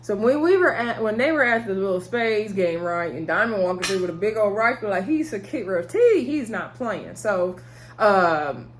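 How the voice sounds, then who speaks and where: Seated at a table indoors, a woman gives a casual TV episode recap, chatting, talking with her hands, retelling scenes, and calling viewers y'all. Her voice is medium-pitched and expressive at a moderate pace, with a little hiss or hum.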